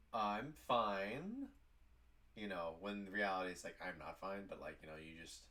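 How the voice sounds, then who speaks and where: A man with a low, slightly bright voice vlogs casually, rambling through a story about work and saying "like" constantly.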